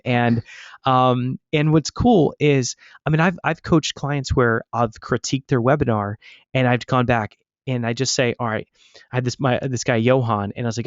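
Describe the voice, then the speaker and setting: An energetic man coaching his audience, smiling as he talks and pressing them with encouragement. His voice sits at an ordinary middle pitch. The sound is dry and a little dull, like webinar audio. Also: smooth, dry recording.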